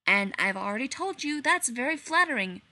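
A woman playing a brusque, huffy man of science who lays things out briskly and with little patience, in a raised, bright voice, read from a story, close and dry. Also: high-pitched, very animated, no echo, voice pushed up, heavily acted. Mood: impatient. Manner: brisk, impatient, matter-of-fact.

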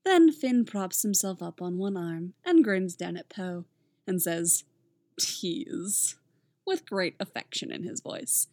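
Gentle woman reading a story aloud. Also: on the low side, lively intonation, unhurried, dry recording. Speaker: audiobook reader. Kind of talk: reading fan fiction aloud.

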